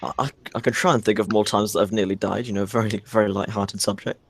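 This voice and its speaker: A man's voice: fairly low pitch, fairly even intonation, fast talker, husky, dry recording. A young man co-hosting a podcast, telling a story in a rambling, hesitant way full of fillers, over a voice call. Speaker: podcast co-host. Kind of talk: casual storytelling chat on a voice call.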